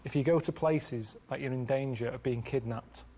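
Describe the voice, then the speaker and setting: A man around forty telling rambling stories in a deadpan way during a casual studio chat. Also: medium pitch, normal speed, a little hiss or hum. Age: 40s. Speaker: guest.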